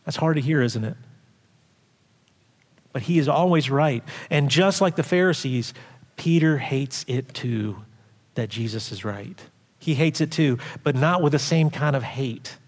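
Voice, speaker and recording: A man preaching a sermon as pastor, animated, acting out quoted voices loudly and dropping to quiet asides. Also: a little high, unhurried. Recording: long hall reverb.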